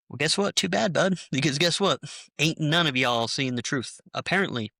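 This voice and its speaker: A young man telling his story of leaving a church, heated and animated, acting out the people he quotes. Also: medium pitch, moderate pace, vocal fry, dry recording, studio quality. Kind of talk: personal testimony in a conversation.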